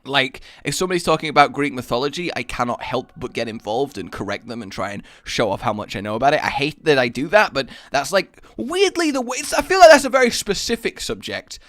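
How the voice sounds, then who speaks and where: Young gamer, bright lively voice, self-mocking rambling commentary. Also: male voice, mid-range voice, fast, few pauses, no room sound. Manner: rambling, self-mocking, bursts into loud laughing shouts. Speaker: gaming YouTuber. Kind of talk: casual gameplay commentary.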